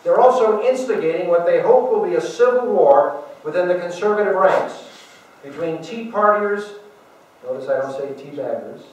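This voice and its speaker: Male guest speaker, high-pitched, emphatic speech delivery, distant mic in a very echoey meeting hall. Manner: emphatic, rhetorical asides to the audience. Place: large meeting room.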